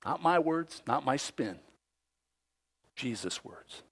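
A man preaching a sermon, acting out the voices he quotes and swinging between loud outbursts and hushed asides. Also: medium pitch, sing-song, slow, slightly rough. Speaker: pastor.

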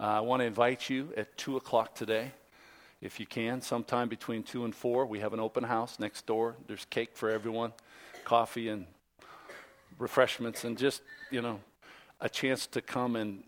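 A man in his fifties, a pastor, giving a conversational sermon, telling a story in a relaxed way with many ums and light jokes. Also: medium pitch, moderate pace.

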